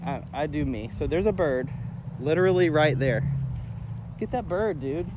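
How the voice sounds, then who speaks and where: Male dog trainer on a trail, casual and chatty, fairly high and very lively voice that jumps up for praise. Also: moderate pace, noisy background. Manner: switches to high sing-song praise for the dog; laid-back, chatty, laughs often. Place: outdoors on a wooded trail near a creek.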